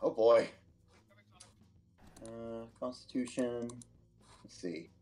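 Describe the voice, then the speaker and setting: A man's voice: mid-range voice, drawn-out words, darkish tone, low-quality recording. A man playing a tabletop game as an unsure newcomer who pokes fun at himself. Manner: unsure newcomer, self-deprecating. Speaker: player.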